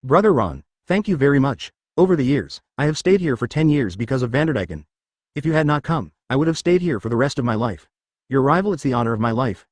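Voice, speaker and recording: A man reading the lines of a gentle, grateful young mermaid princess in a dry synthetic voice. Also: mid-range voice, big pitch swings, quick pace, no echo.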